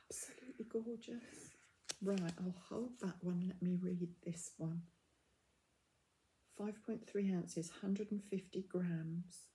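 A middle-aged woman in a casual unboxing vlog, gushing and often dropping into soft half-whispers as she reads out labels. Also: medium pitch. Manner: reads out yarn labels in a steady list. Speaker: craft vlogger.

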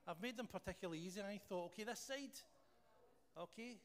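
A man with a Scottish accent, his voice sitting high and his pace fairly quick, leads a church service by praying and then quizzing the congregation in a playful way. He jokes and stays animated with the room. The church-hall recording has long reverb and faint noise.

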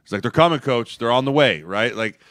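On a football podcast, a former lineman turned agent co-hosts and tells stories in casual chat, animatedly acting out the voices he quotes. He has a medium pitch and talks fairly quickly, captured in a dry, studio-quality recording.

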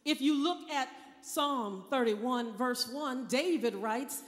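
A woman preacher delivering a Good Friday sermon, calling on the congregation for responses and rising to loud cries. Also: high-pitched, slow, hardly any pauses. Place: large church. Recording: long church hall reverb.

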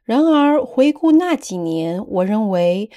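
A woman reading a passage aloud as a measured model for students. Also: fairly high pitch, big pitch swings, warm tone.

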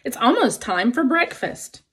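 A woman's voice: high voice, sing-song, a little slow, a bit bright, slightly rough, pitched above the performer's own voice, exaggerated voice. Woman doing a sly, hungry fox. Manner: growling, scornful.

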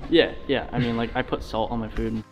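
A man's voice: medium pitch, fairly even intonation, fairly quick, faint music behind. Laid-back young man, hesitant chat. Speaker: camera operator and guest. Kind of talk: casual chat.

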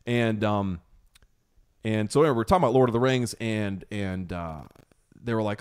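Low-voiced man telling a lively story. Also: fairly quick, clean tone. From United States. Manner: animated storyteller who acts out quotes. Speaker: podcast host. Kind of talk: casual interview chat.

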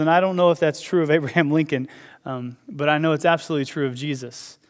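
A man preaching a sermon as pastor, talking conversationally with quick asides and restarts. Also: high-pitched. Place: church auditorium. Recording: long hall reverb.

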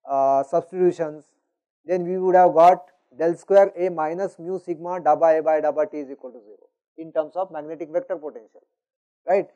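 Brief: man lecturing, mellow fairly high voice, lo-fi classroom recording. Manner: explanatory, frequent "you know" and "is it not?". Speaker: university lecturer.

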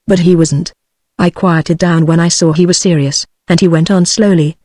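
A woman's voice: lowish voice, normal speed, dry recording, studio quality. British synthetic woman reading a book. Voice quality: even, synthetic delivery. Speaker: audiobook narrator. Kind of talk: text-to-speech audiobook reading.

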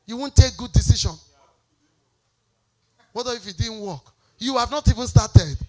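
Woman pastor shouting fiery prayers. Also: on the high side, moderate pace. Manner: shouting forceful declarations, then dropping to quiet storytelling. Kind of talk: sermon with call-and-response prayer. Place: church.

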